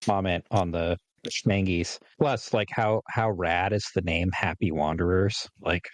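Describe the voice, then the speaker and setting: A man's voice: deep voice, steady tone, a little slow. A man in his forties from California, co-hosting a podcast in a rambling casual chat full of fillers and laughs. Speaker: podcast co-host.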